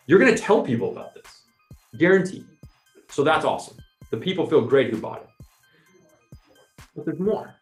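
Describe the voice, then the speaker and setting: A man hosts a podcast and talks through his points as lively, acted-out scenes, slipping into quoted voices. His voice sits at a middle pitch. The room sounds echoey, with faint music underneath. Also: fairly quick. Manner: animated, explains with imagined scenes and quoted asides. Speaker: podcast host. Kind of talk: casual storytelling chat.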